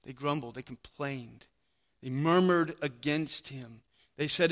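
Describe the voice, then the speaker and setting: A man preaching a sermon, animated, acting out the voices of the crowd. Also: fairly high pitch, measured pace. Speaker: pastor.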